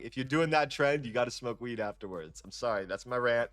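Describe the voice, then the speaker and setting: Animated, slangy young man hosting a trading stream. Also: brisk, few pauses, soft background music. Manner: animated, slangy and profane, with lively jumps in pitch. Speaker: livestream trading host. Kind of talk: casual livestream chat and rant.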